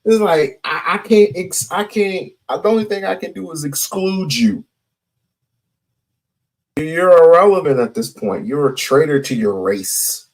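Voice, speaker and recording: A man gives casual commentary in an emphatic way, often repeating himself. He speaks slowly, with a voice that sits on the high side and moves around a lot. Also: lively intonation.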